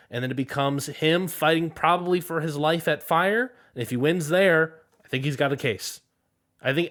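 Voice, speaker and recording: Slightly high and a touch bright, this man's voice belongs to a podcast co-host chatting casually. He is analytical, citing statistics he has looked up.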